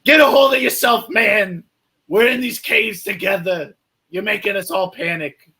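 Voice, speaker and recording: A man voicing his own brash adventurer character in a tabletop game, loud and bossy. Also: mid-range voice, brisk, close to an everyday voice. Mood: urgent.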